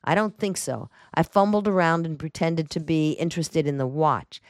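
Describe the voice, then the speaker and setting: A woman voicing a confident male lawyer in an audiobook, speaking briskly and assuredly. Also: deep voice, no room sound, studio quality.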